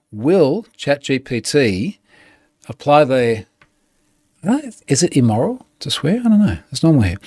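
A man's voice: mid-range voice, darkish tone, no echo, studio quality. A man, hosting a weekly show in a chatty, amused way and laughing often. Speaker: podcast host. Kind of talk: casual solo show talk.

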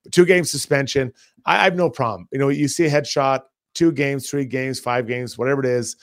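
A man's voice: mid-range voice, brisk, no room sound, clean studio sound. A man co-hosting a hockey podcast, talking casually and with energy about the game. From Canada. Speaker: podcast co-host. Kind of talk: casual sports talk and read ads.

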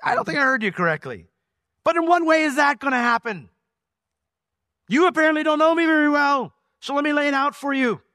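A man's voice: very high-pitched, animated, a little fast, bright, forceful tone, dry recording, studio quality, voice pushed up, exaggerated voice. A man voicing an insecure young man who protests, incredulous, that he is the least in his family. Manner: incredulous, protesting, talking back.

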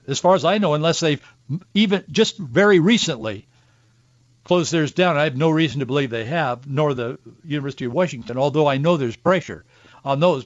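A man's voice: on the high side, no echo. A male radio talk host giving impassioned Christian commentary, earnest and preachy, with an emotional pull. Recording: dull, dry studio sound.

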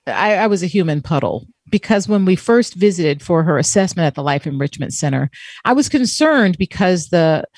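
A woman co-hosting a talk show, telling a heartfelt personal story and quoting others in soft voices. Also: fairly low pitch, animated, normal speed, dry recording. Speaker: co-host. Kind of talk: emotional personal story, casual chat.

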